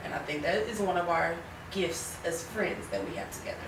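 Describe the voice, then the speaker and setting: A woman's voice: fairly low pitch, brisk, roomy sound, recorded from a distance, noisy background. A woman hosting a podcast in casual chat, laughing often and calling her listeners y'all. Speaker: podcast host.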